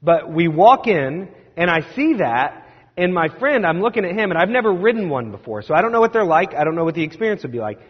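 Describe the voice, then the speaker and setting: Male pastor, sermon storytelling, slightly high voice, long church reverb, dull sound. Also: fast talker, slightly rough. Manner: animated, self-deprecating storyteller.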